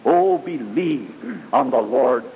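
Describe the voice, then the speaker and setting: A man's voice: expressive, slow pace. A man preaching a sermon, telling his own conversion story in a fervent, emphatic way. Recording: dull lo-fi hall recording with faint rumble.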